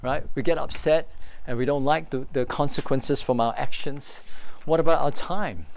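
A man's voice: fairly high pitch, moderate pace, a little hiss or hum. A man in his thirties, a pastor preaching a sermon in an earnest, confessional way with rhetorical questions.

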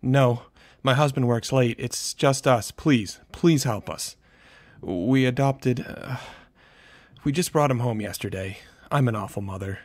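A man's voice: mid-range voice, a little slow, no room sound, voice pushed up, close to an everyday voice. A man voicing a panicked young adoptive mother, pleading breathlessly on an emergency call. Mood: frantic.

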